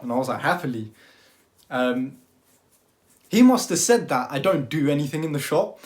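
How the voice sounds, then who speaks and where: A young man with a British accent, telling a storytime vlog in an animated, slang-filled way. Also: mid-range voice. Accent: British, London slang. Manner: animated, slangy retelling with lots of "like". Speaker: vlogger.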